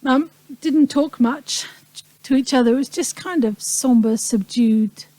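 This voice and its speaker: A woman in her fifties from the Falkland Islands speaks to an audience, reflective and unhurried, pausing often, with dry humor. Her voice sits fairly high but sounds mellow and soft-edged. The sound is dry, with little room echo. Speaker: speaker recounting a wartime childhood. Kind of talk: personal talk to an audience.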